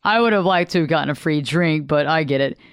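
Man, radio host, high voice, smooth and clear, dry close sound, chatty storytelling, animated, stumbling restarts. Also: fast talker, no room sound. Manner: animated, chatty, frequent restarts and acted-out quotes. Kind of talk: storytelling monologue.

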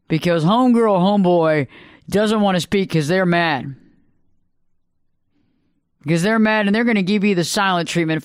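A man's voice: high-pitched, clear, resonant tone, dry recording, studio quality. Emphatic man hosting a live advice show. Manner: emphatic, preachy, repeats phrases for effect. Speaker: radio talk show host. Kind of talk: live radio advice talk.

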